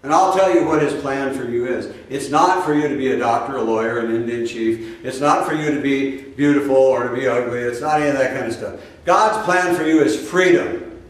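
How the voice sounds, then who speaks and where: A man's voice: mid-range voice, a little fast. Older man preaching in a roomy echo. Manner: folksy, conversational preaching with asides and rhetorical questions. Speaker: spiritual teacher. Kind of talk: spoken sermon. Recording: roomy echo, speaker far from the mic.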